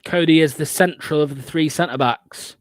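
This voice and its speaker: A man's voice: a little high, normal speed, no room sound, clean studio sound. A young man hosting a fan watchalong, giving live play-by-play with blunt, sarcastic asides and swearing.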